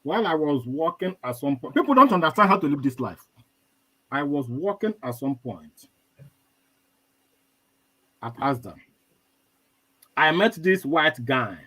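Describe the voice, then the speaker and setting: A man's voice: fairly high pitch, measured pace, long pauses, low-quality recording. A young man with a Nigerian accent, a guest telling a life story with quoted dialogue in a live chat. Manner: animated storyteller, quotes others.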